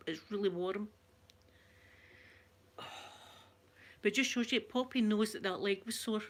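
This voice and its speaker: A Scottish woman vlogger chatting casually with her viewers, talkative and quick to laugh at herself. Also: mid-range voice. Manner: chatty, laughs often, self-mocking. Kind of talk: casual live-stream chat.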